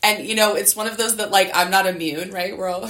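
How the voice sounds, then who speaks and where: A woman's voice: medium pitch, steady tone, fairly quick, a bit bright, echoey room. A woman hosting a podcast about dogs, talking in a loose conversational way with lots of "right?" and "you know". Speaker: podcast host. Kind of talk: casual interview chat.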